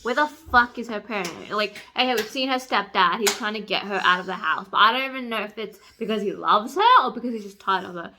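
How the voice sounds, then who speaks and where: A young woman talking about a book in a casual vlog. She is excitable, swears freely and says "like" a lot. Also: mid-range voice, fairly quick, hardly any pauses, noisy background. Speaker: book vlogger. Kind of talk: casual reading vlog chat.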